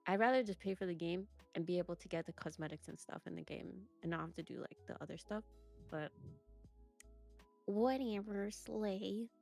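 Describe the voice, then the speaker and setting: A woman's voice: fairly low pitch, quick pace, vocal fry. Rambling young woman, faint music behind. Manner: rambling, many fillers and restarts. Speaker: interview guest. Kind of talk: casual chat.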